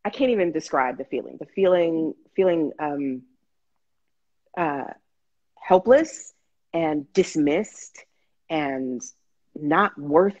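A woman guest telling her story in casual, animated chat, with frequent restarts, over a video call. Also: sits low, slow pace, long pauses, slightly rough. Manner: animated, restarts, acts out quotes.

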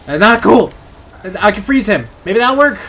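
A young man narrating his horror game playthrough, swearing often and yelling at enemies. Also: high-pitched, expressive, normal speed, breathy edge. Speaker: gaming YouTuber. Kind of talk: let's play commentary.

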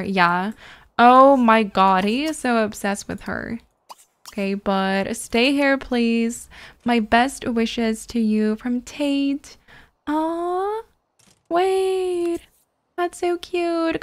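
A woman giving casual gameplay commentary, gushing and excitable, often squealing and laughing over cute moments. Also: high voice, smooth. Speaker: gaming channel host.

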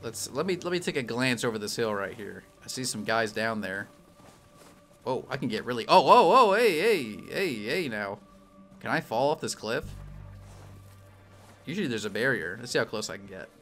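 An excitable young man narrates his own gameplay with a lively, bouncing voice and a bright, forceful tone. He jokes and yelps as the action unfolds, with faint game music playing underneath. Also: mid-range voice, normal speed. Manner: animated, jokey, yelps and apologizes loudly. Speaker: streamer playing a video game. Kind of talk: game commentary.

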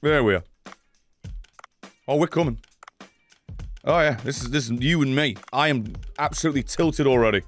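A man's voice: mid-range voice, moderate pace, long pauses, faint music behind. Man ranting over a game. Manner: sweary, exasperated ranting at the game. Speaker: gaming streamer. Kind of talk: live game commentary.

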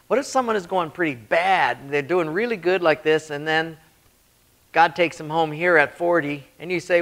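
A male pastor teaching a church leadership class, telling stories and acting out quoted voices with sudden rises in pitch and loudness. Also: moderate pace, vocal fry. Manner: storytelling, acts out quotes with big swings in pitch and volume. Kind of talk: sermon-style Q&A teaching.

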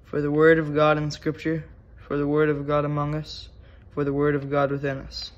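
A man's voice: on the high side, completely flat delivery. Solemn man leading online worship. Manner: measured, solemn reading. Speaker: worship leader. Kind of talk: liturgical scripture reading. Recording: dull lo-fi recording.

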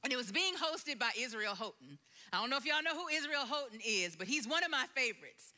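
Woman, sermon testimony, high voice, bright tone, storytelling. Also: expressive, a little fast. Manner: storytelling, drops to a soft hush for quiet moments, sings song lines. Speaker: preacher sharing testimony. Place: church sanctuary.

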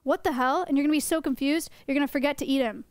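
A woman's voice: high-pitched, rapid-fire, darkish tone, dry recording. A young woman teaching her stream chat about animals in a playful, joking way, often laughing. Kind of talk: casual livestream lesson.

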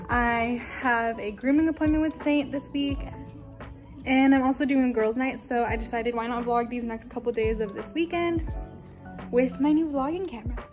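Young woman, casual vlogger, excitable and chatty, slightly high voice, talking into a handheld camera. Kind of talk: casual vlog chat. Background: background music.

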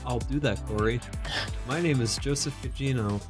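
A man's voice: medium pitch, normal speed, over music. Joking young man co-hosting a podcast. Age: young adult. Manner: joking, easygoing, playful asides. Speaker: podcast co-host. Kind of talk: casual chat. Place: college campus.

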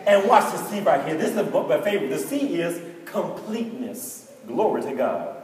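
A middle-aged man preaching a sermon with storytelling, animated and acting out conversations. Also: on the high side, moderate pace. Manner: animated preacher, acts out students in dialogue. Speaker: pastor. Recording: echoey hall from far off.

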